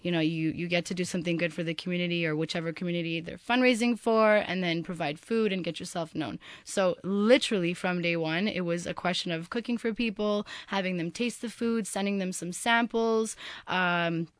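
This is a woman in her twenties, speaking as a guest in a radio studio. Her voice sits a little low, and she talks in a chatty, animated way full of fillers. The sound is close and dry. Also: brisk, smooth, dry recording. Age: 20s. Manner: chatty and animated, laughs often, many fillers. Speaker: guest entrepreneur. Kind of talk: radio interview chat.

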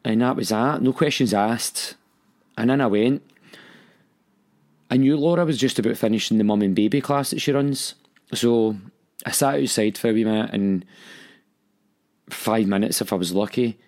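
A man with a Scottish accent recounting a painful personal story in a halting, emotional way. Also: on the low side, darkish tone.

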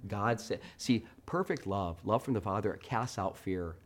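A middle-aged man preaching a sermon, telling a story with animated swings between hushed and loud delivery. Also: fairly low pitch, moderate pace. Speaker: pastor.

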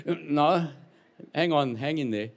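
Guy preaching, kinda high voice, jokey, goes loud then quiet, really lively. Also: slow. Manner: animated, jokes with congregation, swings from loud to quiet. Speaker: pastor. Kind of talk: lively sermon.

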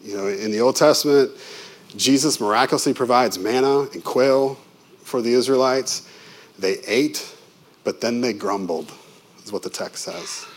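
A man preaching a sermon as a pastor, conversational and lively with vivid asides to the congregation. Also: medium pitch, normal speed.

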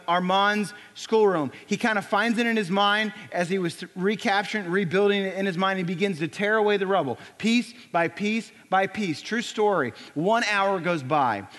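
A man preaching, telling a story dramatically and dropping to a hushed near-whisper. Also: high voice. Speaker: pastor. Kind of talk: sermon storytelling. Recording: long hall reverb.

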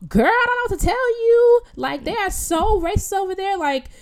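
A woman's voice: lively intonation, normal speed. A woman voicing a pushy, tipsy female stranger who is overly familiar and insistent. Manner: shrill, insistent, keeps calling the listener girl.

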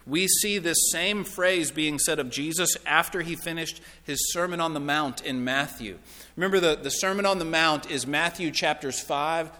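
A man's voice: on the high side, pushed and bright. A man preaching a sermon as pastor, earnest and emphatic, with repeated phrases, in a church. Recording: long reverb of a large hall.

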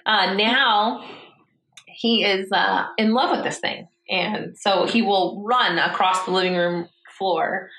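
A young adult woman chats casually as a podcast co-host, rambling along with plenty of fillers. Her voice is bright and clear. The room gives it a noticeable echo. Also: medium pitch, takes it slowly. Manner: rambling, chatty, lots of fillers. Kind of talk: casual chat. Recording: roomy echo.

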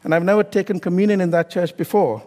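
In a big-sounding room, a middle-aged man preaches quickly in a high, warm, steady voice, sharing a personal story. His style is conversational: he asks the congregation questions and keeps adding "okay?" and "you know."

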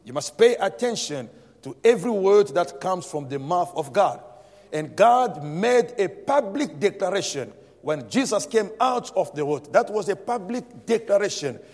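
Preacher guy mid-sermon, kinda high voice, lots of amen, big echoey church hall. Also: lively intonation, normal speed, darkish tone. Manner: emphatic preaching with repeated "Amen" and call-and-response. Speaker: pastor. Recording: long hall reverb.

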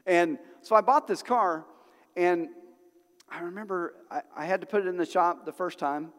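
A middle-aged man preaches in a church sanctuary, his fairly high voice ringing with a long hall reverb. He tells stories in a loose, conversational way, then drives his points home with animated emphasis. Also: moderate pace. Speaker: pastor. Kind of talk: sermon.

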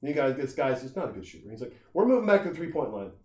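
A middle-aged man talks very fast at medium pitch in a loose, comic conversation, profane and full of energy. When quoting people he performs them in leaping voices, and the recording has a roomy echo.

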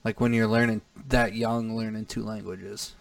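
A man's voice: fairly low pitch, level tone, moderate pace, gravelly, no echo, far from the mic. A man co-hosting a comedy podcast, talking in casual, profane chat and laughing often. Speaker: podcast co-host.

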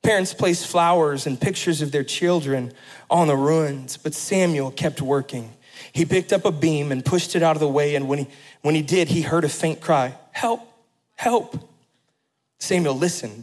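A middle-aged pastor delivering a sermon, with a fairly high voice for a man. He tells a story steadily, then lifts into impassioned, emphatic preaching. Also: rough recording.

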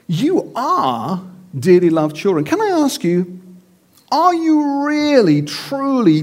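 A middle-aged male preacher delivers his sermon with a fairly high voice. He tells stories animatedly, acts out the voices, and his pitch rises and falls expressively. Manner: animated storytelling with acted-out voices.

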